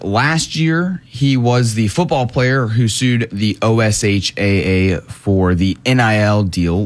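A man co-hosting a sports radio show in casual chat, self-deprecating and stumbling over his words. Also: medium pitch.

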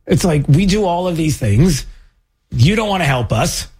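A man's voice: a little high, expressive, moderate pace, darkish tone, slightly rough. A male radio talk show host, chatting casually and sarcastically with many fillers.

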